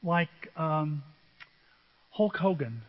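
An older male pastor delivers a sermon in a high voice, swinging from hushed asides to loud, animated storytelling. The audio is dull and muffled, carried in a long, reverberant hall. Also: very slow. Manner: animated, self-deprecating storytelling with dramatic swings from soft to loud. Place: church sanctuary.

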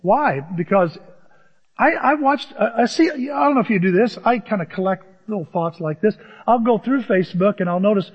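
A man's voice: high-pitched, lively intonation, moderate pace, slightly rough. A man preaching a sermon as pastor, conversational and humorous, rising to emphatic peaks. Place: church. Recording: dull sound with long church reverb.

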